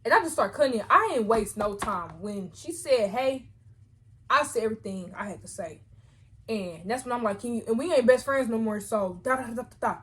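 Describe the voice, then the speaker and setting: A young woman vlogger telling a storytime with lively, slangy chatter and quick self-corrections. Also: a little high, slight background noise. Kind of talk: casual storytime chat.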